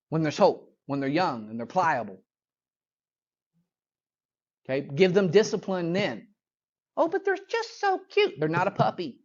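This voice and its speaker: A man's voice: high voice, dull audio. A man teaching a Bible lesson in a conversational, emphatic way, mixing scripture reading with casual asides.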